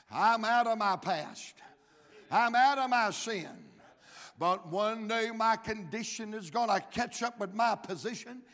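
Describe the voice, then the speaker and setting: A man with a Georgia accent preaching a sermon, mixing humorous stories with shouted climaxes. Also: sits high. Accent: Southern US (Georgia). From Georgia, USA. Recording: reverberant hall.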